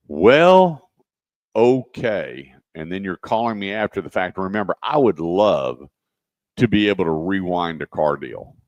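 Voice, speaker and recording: Man, low deep voice, radio host, folksy storyteller, dry close studio sound. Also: no echo. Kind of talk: casual radio talk.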